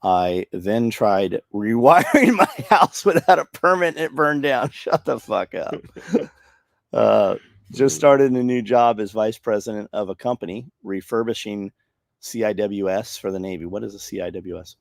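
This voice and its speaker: A man's voice: on the low side, animated, moderate pace, vocal fry. A man hosting a casual podcast, blunt and profane as he reads out viewer comments. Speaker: podcast host. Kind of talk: casual chat, reading comments.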